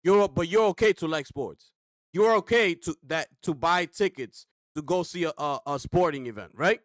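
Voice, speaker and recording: A man's voice: on the high side, normal speed, no room sound, studio quality. A man reacting to a clip on a gaming stream, ranting with rhetorical questions and slang.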